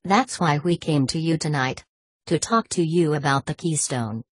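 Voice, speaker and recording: An earnest man keeps his voice quiet and calm as he pleads his case, read by a woman in an audiobook. The voice is low and husky, and the recording is dry. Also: moderate pace, dry recording. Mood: pleading.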